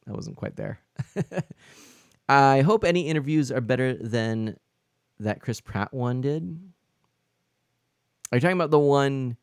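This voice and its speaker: A man talks through his live game stream in a loose, rambling way, picking up chat messages as he goes. His voice sits in an ordinary middle pitch. The sound is close and dry, with no room echo. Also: darkish tone, clear, resonant tone. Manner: rambling, answers chat, many fillers and restarts. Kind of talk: casual live-stream chat while playing.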